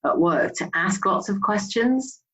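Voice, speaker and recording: An interviewer whose voice sits at a middle pitch. They respond to the guest with encouragement. They reflect on the advice in their own words. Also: animated, a little slow, a bit bright, low-quality recording.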